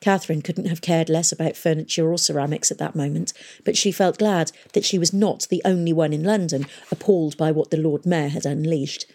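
A woman narrating a storybook reading in a steady, expressive way. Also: sits low, brisk, hardly any pauses. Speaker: audiobook narrator.

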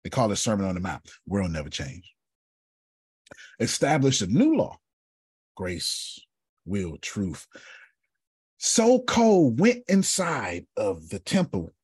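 A man's voice: lowish voice, a little mellow, slightly rough, no echo, studio quality. A man telling a story in a preaching style, dramatic, repeating a refrain and calling on listeners by name. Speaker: speaker.

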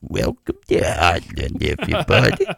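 A man doing an impression of an old male mayor, drawling slowly and chuckling between lines. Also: deep voice, lively intonation, gravelly, breathy edge, dry recording, clean studio sound, voice pushed down, full character voice. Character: old man mayor Mister Kite, George Burns impression.

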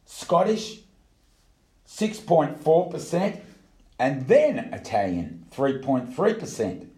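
An Australian man in loose, lively banter whose pitch jumps around a lot. His tone is dark and mellow. He is recorded in an echoey room. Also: slow. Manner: animated, teasing, mock-indignant. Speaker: co-host. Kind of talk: casual chat show banter. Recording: roomy echo.

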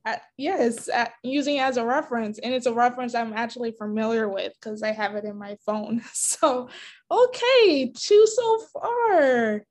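A woman's voice: fairly high pitch, fairly even intonation, brisk, hardly any pauses. A woman hosting a podcast in casual interview chat, giggling often between her words. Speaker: podcast host.

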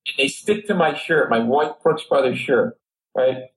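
A middle-aged comedian from Rhode Island, USA, guests on a talk show and tells a long, lively story, acting out the voices of the people in it. His voice is medium-pitched and unhurried, and the audio quality is poor.

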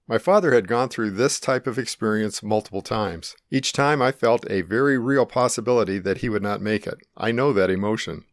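A middle-aged man calmly and earnestly narrating his own life-or-death experience in the first person. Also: on the low side, fairly quick, few pauses, no echo, clean studio sound. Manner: calm, earnest, reflective.

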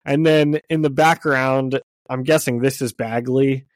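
A man's voice: medium pitch, steady tone, unhurried, no echo. Congested man hosting a comic podcast. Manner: chatty, self-deprecating, laughs often. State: congested from illness. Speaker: podcast co-host. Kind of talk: casual comic book podcast chat.

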